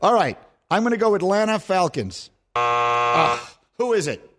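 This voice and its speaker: Lively high-voiced male radio host. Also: measured pace, very noisy. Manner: playful, teasing, self-mocking game-show patter. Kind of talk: call-in show banter.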